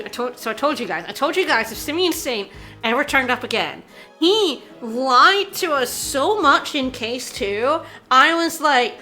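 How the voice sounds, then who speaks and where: A woman streaming a video game, chatting casually with her viewers, excitable and insistent, repeating herself and laughing often. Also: high voice. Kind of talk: casual game commentary to chat.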